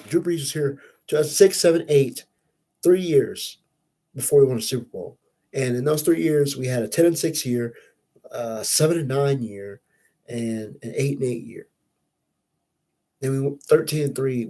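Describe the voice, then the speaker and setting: A man's voice: on the high side, darkish tone, rough recording. A young man hosting a casual sports podcast, venting in a frustrated, profane, rambling way. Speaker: podcast host.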